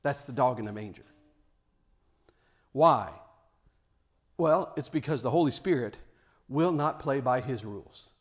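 A man's voice: medium pitch, expressive, measured pace, long pauses. A man preaching a sermon, emphatic, with rhetorical questions and repeated words.

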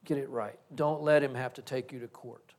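A man's voice: mid-range voice, fairly even intonation, normal speed, a little mellow. A middle-aged male pastor giving a reflective, story-driven sermon.

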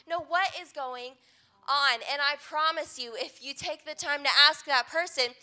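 A woman's voice: sits high, unhurried, bright, forceful tone. A young adult woman pastor giving an earnest, conversational sermon.

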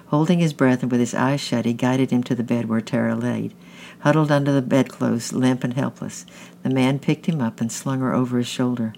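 A man's voice: mid-range voice, creaky, a little mellow. A man reading a children's novel aloud in a plain way, often slipping and restarting words. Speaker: audiobook reader.

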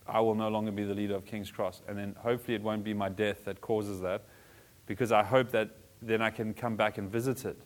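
A man in his forties preaching a sermon as a pastor, animated, joking with the congregation and swinging between soft and loud. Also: lowish voice. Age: 40s. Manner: animated, varies loudness, jokes with congregation.

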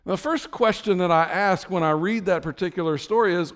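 A man preaching a sermon, telling the story with lively swings from low, quiet asides to high, excited bursts. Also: brisk, long reverb tail. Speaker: pastor.

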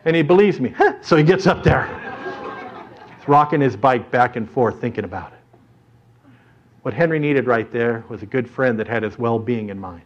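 A man preaching a sermon through an animated story in front of a congregation, dramatically shifting his voice as he tells it. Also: mid-range voice, normal speed, long pauses. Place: church or hall with an audience. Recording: dull lo-fi recording.

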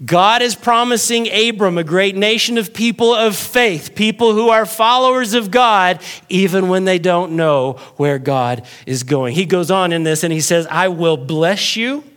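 A man's voice: high voice, normal speed, few pauses, a bit bright, smooth. A man from the North Texas Panhandle, preaching a sermon in a jokey, conversational way. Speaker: pastor.

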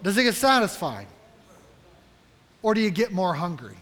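A man's voice: high voice, big pitch swings, normal speed, fairly bright tone. A man preaching a sermon to his congregation, earnest and direct, often asking them questions. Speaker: pastor. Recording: long hall reverb.

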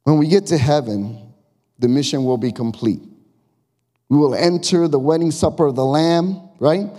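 A man's voice: fairly high pitch, moderate pace, warm tone. Male pastor preaching in a reverberant hall. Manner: conversational, emphatic, asks the congregation questions. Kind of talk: sermon. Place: church sanctuary. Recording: long reverb of a church hall.

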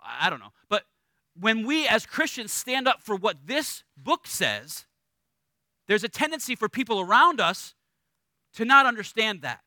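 A middle-aged man preaching a sermon as a pastor, conversational and animated, acting out little voices in his stories. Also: high voice, dry recording.

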